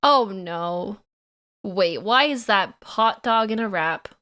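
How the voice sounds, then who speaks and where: A woman's voice: mid-range voice, animated, slow, bright, forceful tone. A woman from Canada, giving playful live-stream reaction commentary and teasing her chat.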